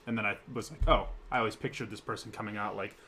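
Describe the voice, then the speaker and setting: Fast-talking, profane young man. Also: on the low side, steady tone, pushed and bright, slight background noise. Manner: rambling, profane, quick-talking. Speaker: talk show co-host. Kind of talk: casual chat.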